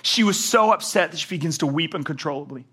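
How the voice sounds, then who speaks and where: A man preaching a sermon, animated, swinging between loud emphatic passages and low quiet ones. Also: fast talker, slightly rough. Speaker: pastor.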